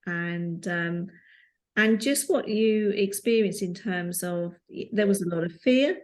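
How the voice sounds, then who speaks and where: A woman's voice: medium pitch, takes it slowly, a little mellow. A woman hosting a casual interview chat over a video call, friendly and hesitant as she asks her questions. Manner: friendly, hesitant, with fillers and restarts. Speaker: host and wellness coach.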